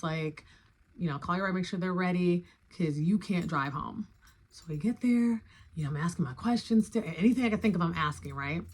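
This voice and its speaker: A young adult woman telling a story in a casual, chatty way, acting out her own reactions with sudden high exclamations. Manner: animated, acts out her own reactions with big jumps in pitch; chatty and loose, full of "like" and "y'all".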